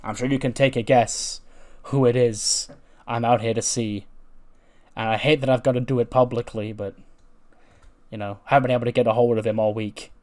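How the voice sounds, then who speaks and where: A man's voice: mid-range voice, fairly even intonation, moderate pace, long pauses, darkish tone, lightly acted. A man voicing a passionate male pro wrestler who gives his best friend a rousing pep talk in a game storyline. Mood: earnest. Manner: emphatic, rousing speech.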